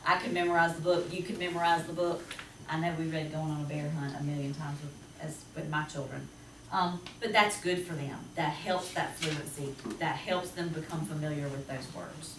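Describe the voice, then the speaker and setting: A woman teacher with a Southern US accent, talking to parents about reading in a chatty, lively way. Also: sits low. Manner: chatty, lively, quick to laugh. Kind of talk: presentation to parents. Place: school classroom. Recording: roomy, distant, noisy classroom recording.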